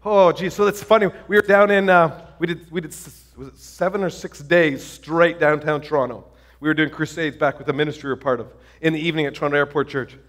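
A male pastor preaching a sermon, telling stories with excitement and lots of restarts and fillers. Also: fairly high pitch, quick pace.

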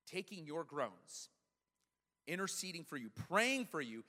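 A man in his thirties preaching a sermon as a pastor, in a conversational, animated storytelling manner. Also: fairly high pitch, measured pace, in a large hall. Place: church sanctuary.

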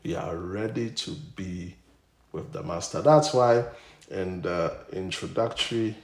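A man preaching a sermon, swinging from emphatic loud bursts back down to low, quiet delivery. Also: unhurried. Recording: echoey room with faint noise.

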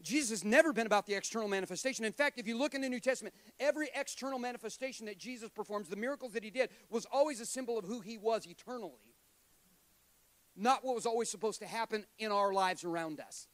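A man's voice: high voice, quick pace, fairly bright tone, dry recording. A middle-aged man preaching a sermon to a congregation, conversational and joking, with self-deprecating asides. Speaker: guest preacher.

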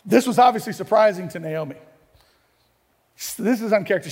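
A male pastor preaches in a conversational, playful storytelling style with asides. His voice sits fairly high. A long reverb from the church sanctuary hangs after his words. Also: brisk, long pauses, darkish tone. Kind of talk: sermon.

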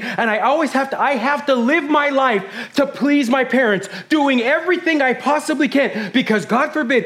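A middle-aged man preaching a sermon as pastor, fast and intense, swinging from hushed whispers to loud bursts. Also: extremely high pitch.

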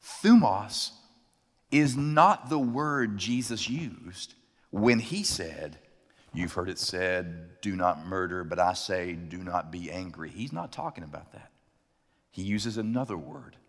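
A man preaching a sermon, telling a personal story and acting out the people in it with lively energy. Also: low-pitched, takes it slowly, in a large hall. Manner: animated, acts out characters in his story. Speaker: pastor.

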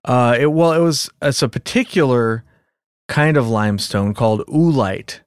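A man telling details in a wry, playful way during a relaxed podcast chat. His voice sits at a medium pitch. The recording is dry and close. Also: moderate pace, smooth, no echo. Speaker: podcast co-host. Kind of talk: casual chat.

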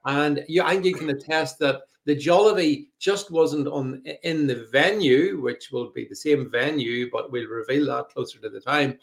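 A middle-aged man hosting a live podcast, chatting casually, reading out viewer comments and filling pauses with ums and uhs. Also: mid-range voice, vocal fry. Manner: chatty, reads out viewer comments, frequent fillers. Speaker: podcast host. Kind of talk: live podcast chat with co-host.

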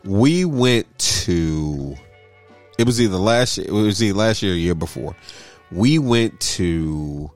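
A man's voice: low-pitched, slow, faint music behind. A man telling a story in casual chat, acting out everyone he quotes. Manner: animated, acts out everyone in the story.

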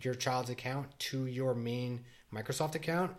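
A man's voice: medium pitch, normal speed. A middle-aged man co-hosting a casual podcast. He rambles, restarts his sentences and leans on filler words as he talks through everyday stories. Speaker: podcast co-host. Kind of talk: casual chat.

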